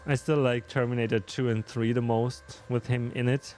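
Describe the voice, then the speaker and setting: A man with a German accent talks loosely to his viewers while he plays, often breaking into laughter. His voice sits in an ordinary middle pitch. The talk is relaxed and rambling. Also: moderate pace, soft background music. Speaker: streamer. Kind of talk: casual live-stream chat while gaming.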